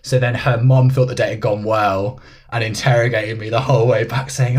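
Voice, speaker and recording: Podcast co-host: young English man, a bit husky, wry anecdotal delivery. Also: medium pitch, steady tone, brisk, darkish tone. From England. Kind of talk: casual chat.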